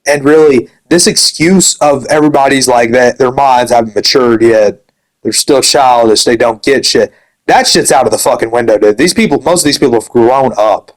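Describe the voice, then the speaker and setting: Speaking at a moderate pace in a mid-range voice, with poor audio, a young man rages about another person in his gaming community. Profanity flows freely, and "dude" comes up constantly.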